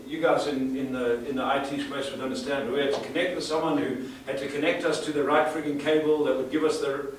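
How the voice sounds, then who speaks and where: A sales trainer speaking emphatically to a live audience, asking rhetorical questions and repeating words for effect. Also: male voice, medium pitch, fairly even intonation, fast, few pauses. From South Africa. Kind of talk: live seminar talk. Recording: echoey room, far from the mic, faint hiss.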